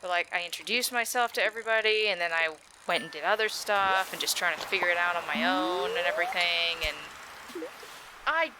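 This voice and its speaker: A woman's voice: lowish voice, expressive, a little fast, noisy background. Chatty young woman rambling through gameplay. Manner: chatty, rambling, self-deprecating. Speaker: let's play gamer. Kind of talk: casual gaming commentary. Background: game music.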